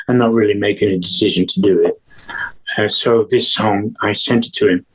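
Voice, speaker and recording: An older man from England tells a long story in a rambling, chatty way, stopping and restarting and acting out what people said. His voice sits a little low and has a husky edge. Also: fairly even intonation, moderate pace, rough recording. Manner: rambling, with many restarts and acted-out quotes. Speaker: guest musician. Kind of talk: casual storytelling interview.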